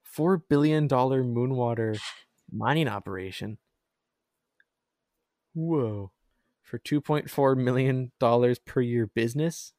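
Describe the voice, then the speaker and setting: A man's voice: mid-range voice, takes it slowly, pauses often, darkish tone, no echo. Brief: chatty male host, mid-range voice, rambling and laughing, dry close sound. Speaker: podcast host. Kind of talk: casual chat.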